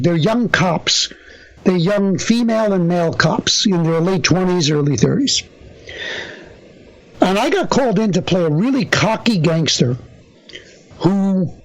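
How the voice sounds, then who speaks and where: An older man, a working actor and interview guest, telling stories with an animated delivery. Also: high-pitched, rough recording. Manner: lively animated storyteller. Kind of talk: storytelling interview.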